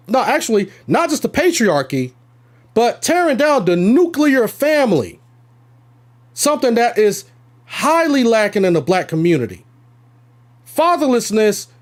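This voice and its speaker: Male live-stream host, high-pitched voice, indignant, sermon-like delivery. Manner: emphatic, preachy, indignant.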